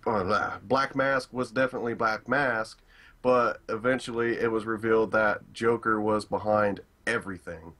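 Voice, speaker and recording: A man's voice: lowish voice, steady tone, moderate pace, pushed and bright. Rambling young man full of fillers. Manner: rambling with many fillers, profane, opinionated. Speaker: gaming channel co-host. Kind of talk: casual chat.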